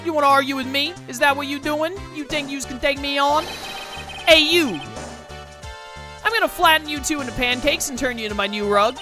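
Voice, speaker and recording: A woman voicing a brash male mobster loan shark in a game, gruff and bullying with street slang. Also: sits high, quick pace, few pauses, over music, voice pushed up, lightly acted. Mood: angry.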